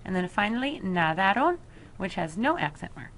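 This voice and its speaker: A woman teacher explaining a Spanish grammar lesson to her students, slowing down to spell out each verb form. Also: mid-range voice, very animated, a bit bright, slight background noise. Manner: slow, careful explanation with deliberate pauses over verb forms. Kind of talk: recorded flipped-classroom lesson.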